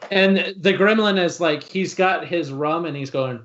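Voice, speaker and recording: A man's voice: a little high, measured pace, a bit bright, lo-fi sound. Hesitant man narrating a tabletop game. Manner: hesitant, filler-heavy. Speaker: game master.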